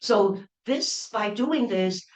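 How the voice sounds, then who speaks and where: A woman lectures in a roomy, echoing space, her voice picked up from a distance. She stumbles through restarts and fillers and checks in with listeners as she goes. Her pitch sits in a middling range. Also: animated, takes it slowly. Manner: hesitant, with many restarts and fillers, checking in with "all right?". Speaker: university lecturer. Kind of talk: academic lecture at an open day. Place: lecture room. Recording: echoey room, voice from a distance.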